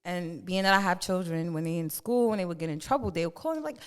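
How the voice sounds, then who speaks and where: A woman's voice: lowish voice, quick pace, clear, resonant tone. A middle-aged woman co-hosting a casual podcast, telling stories in a blunt, salty way. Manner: blunt, storytelling, swears freely. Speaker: podcast co-host.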